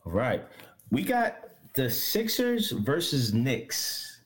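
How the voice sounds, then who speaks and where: A man's voice: medium pitch, huge pitch swings, takes it slowly. A man hosting a casual sports chat, rambling with fillers and restarts and laughing often. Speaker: podcast host.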